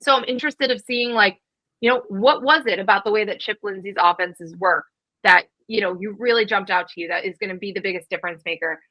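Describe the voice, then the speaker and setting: A woman in her thirties co-hosting a college football podcast, talking fast and casually with lots of fillers. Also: medium pitch, bright, forceful tone, no room sound, low-quality recording. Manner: quick, chatty, many fillers. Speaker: podcast co-host. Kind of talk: casual sports chat.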